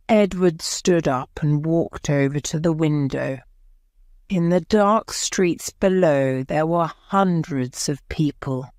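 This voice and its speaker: A woman reads an audiobook story in a low voice, pacing each phrase very slowly and clearly. Her careful, steady reading suits English learners. The sound is close and dry, recorded on a close mic. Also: no echo. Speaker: audiobook narrator. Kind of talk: graded-reader story narration for English learners.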